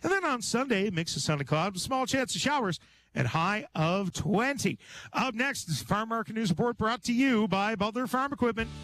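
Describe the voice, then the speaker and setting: A man hosting local radio casually from a remote event, relaxed and chatty. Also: sits high, moderate pace. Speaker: radio host. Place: remote broadcast at a fundraising event.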